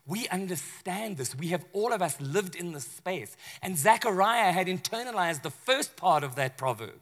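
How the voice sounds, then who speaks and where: A man, a pastor, preaching a sermon in a conversational, animated way with acted asides. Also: sits high, normal speed, few pauses.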